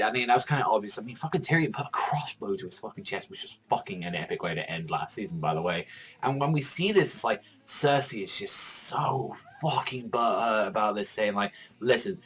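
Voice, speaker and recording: Man, fan reaction vlog, profane, excitable, laughs a lot, slightly low voice. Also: breathy edge, rough recording. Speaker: reaction vlogger. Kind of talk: casual fan reaction commentary.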